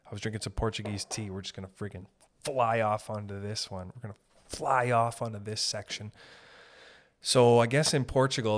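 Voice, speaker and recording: A man's voice: lowish voice, steady tone, moderate pace. A young man hosting a podcast, rambling through a comedic monologue, interrupting himself often and swearing casually. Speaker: podcast host.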